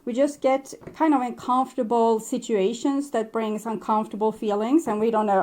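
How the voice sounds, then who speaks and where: A woman with as a giving a casual spoken tarot reading, gentle and reflective, with soft laughs and hesitations. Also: a little high, steady tone, normal speed, hardly any pauses. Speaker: tarot reader.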